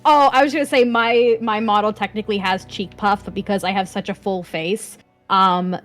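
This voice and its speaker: A woman's voice: mid-range voice, steady tone, normal speed, fairly bright tone, faint music behind. A woman playing in a tabletop game, making small talk in a chatty, self-deprecating way. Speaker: player. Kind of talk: casual chat at a game table.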